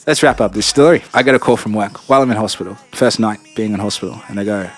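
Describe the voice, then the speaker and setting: A man's voice: lowish voice, quick pace, faint music behind. A young man telling a personal story in a casual, blunt and profane way, acting out other people's lines. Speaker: storyteller vlogger.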